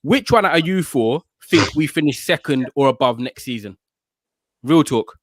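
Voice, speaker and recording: A man's voice: fairly high pitch, animated, no room sound. Dry-sounding young man. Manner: measured, realistic, questioning. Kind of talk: casual football banter.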